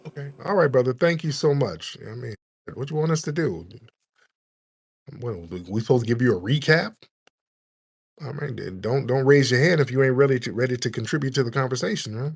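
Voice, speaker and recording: Husky-voiced man hosting a call-in show. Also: medium pitch, lively intonation, brisk. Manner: blunt, teasing, lecturing. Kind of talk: casual call-in talk.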